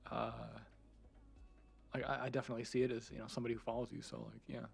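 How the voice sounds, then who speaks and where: A male streamer chats loosely with his viewers, rambling and laughing often. His voice is gravelly and somewhat husky, at an ordinary pitch. He swears casually and restarts his sentences often. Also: level tone, quick pace, faint music behind. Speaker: streamer and 3D content creator. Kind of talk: casual live-stream chat.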